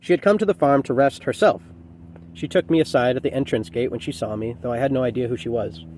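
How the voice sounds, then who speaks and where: A man reading as a calm, wistful old man. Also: mid-range voice, quick pace, a little hiss or hum, close to an everyday voice. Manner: calm, wistful, matter-of-fact. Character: serene old man recalling dying.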